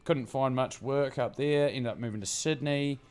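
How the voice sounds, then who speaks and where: A man's voice: mid-range voice, normal speed, darkish tone, clean tone. Slangy storytelling New Zealand man. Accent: New Zealand, Southland. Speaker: podcast host. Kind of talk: casual chat.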